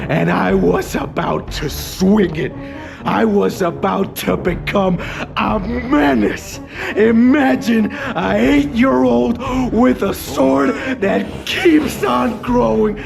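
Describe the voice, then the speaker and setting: A man telling a comedic story about his school days, dramatic and exaggerated, sometimes bursting into shouts. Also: sits high, vocal fry. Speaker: storyteller and channel host.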